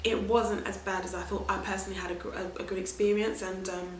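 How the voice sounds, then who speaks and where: Brief: animated woman vlogger, casual storytelling, echoey room. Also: mid-range voice, fast talker, a little hiss or hum. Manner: chatty and animated, laughing often. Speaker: vlogger sharing her birth story. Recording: roomy echo.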